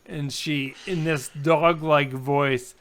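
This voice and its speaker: Slow-talking man running a tabletop game. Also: fairly high pitch, fairly even intonation, a bit bright. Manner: unhurried, halting narration with many fillers. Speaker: dungeon master.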